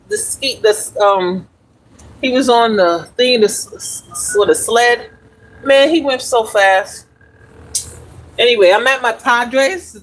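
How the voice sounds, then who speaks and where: Talking on a live stream from a handheld phone, a speaker in their forties wanders chattily from topic to topic while walking and working out outdoors. The voice is medium-pitched and slightly bright, and the audio is poor.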